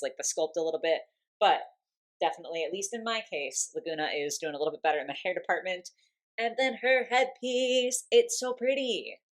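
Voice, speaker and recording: A woman with a fairly low-pitched voice reviews collectible dolls in a casual unboxing chat. She gushes with enthusiasm and giggles often. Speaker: doll collector vlogger.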